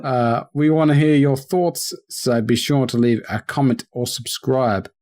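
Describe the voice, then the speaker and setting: A man's voice: mid-range voice, unhurried, a little mellow. A man co-hosting a casual gaming podcast, talking loosely with lots of ums and restarts. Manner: rambling, with many ums and restarts. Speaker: podcast co-host.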